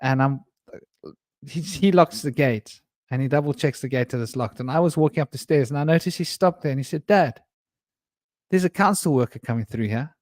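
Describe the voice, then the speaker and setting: A man's voice: on the high side, darkish tone, no room sound, clean studio sound. A man, telling rambling stories and laughing often during an online panel discussion. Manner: rambling, anecdotal, quick to laugh. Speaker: round table participant. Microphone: video call.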